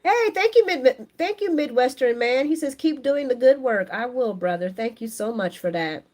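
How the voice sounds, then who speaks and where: On a casual live stream, a woman with a fairly high voice recaps soap operas at a moderate pace. She reads out viewer comments and responds with animated, opinionated chatter, laughing frequently.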